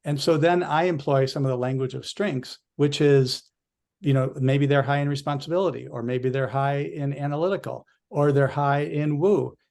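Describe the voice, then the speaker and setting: A male coach telling an animated story in a casual podcast chat, with frequent restarts. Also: fairly high pitch, moderate pace, vocal fry.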